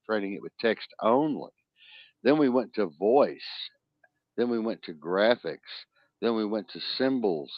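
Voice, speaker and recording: Emphatic low-voiced man, muffled and dry. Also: dry recording. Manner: emphatic, preachy, repeats phrases for effect. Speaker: podcast co-host. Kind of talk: casual podcast talk.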